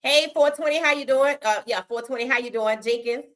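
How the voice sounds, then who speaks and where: A woman's voice: high-pitched, brisk. A woman hosting a casual sports talk livestream, giving outspoken, colloquial opinions and greeting chat viewers. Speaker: podcast host.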